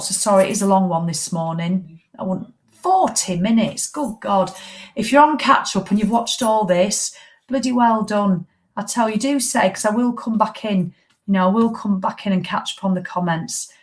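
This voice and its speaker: A middle-aged woman with a British English accent, hosting a live walking group as a fitness coach in a chatty, blunt, motivational way with casual swearing. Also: mid-range voice. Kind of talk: casual live-stream chat.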